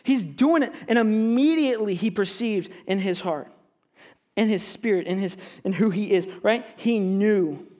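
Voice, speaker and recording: A man preaching to his church in an animated way, addressing the congregation head-on. He moves freely between teaching and acting out the figures of the passage. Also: high-pitched, a little slow. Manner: animated, addresses congregation directly, acts out biblical characters. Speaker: pastor. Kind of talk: sermon.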